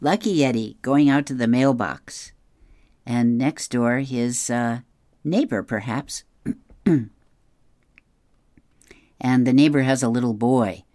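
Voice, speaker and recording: A reader walks through comic strips panel by panel, adding chatty asides and chuckles. The pace is slow and unhurried. The voice is dry and close, with no room sound. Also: medium pitch, mellow, no room sound. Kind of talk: reading comics aloud.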